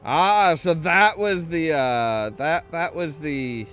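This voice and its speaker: A man's voice: a little high, slow, fairly bright tone, clean tone, faint music behind. Rambling man chatting over a game. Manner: rambling, many restarts and swears. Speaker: game streamer. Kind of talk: casual let's-play commentary.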